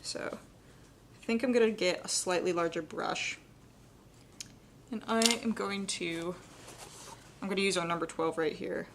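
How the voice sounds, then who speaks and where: A young adult woman giving a live painting demonstration, talking quickly and chattily and laughing often. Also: lowish voice, fairly even intonation, creaky, noisy background. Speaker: painting instructor.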